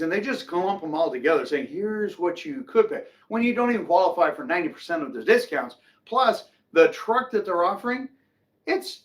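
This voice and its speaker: A middle-aged man hosting a casual real estate market update, chatty and opinionated, often acting out what people say. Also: sits high. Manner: animated, chatty, opinionated, acts out quotes. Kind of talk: casual market commentary to camera.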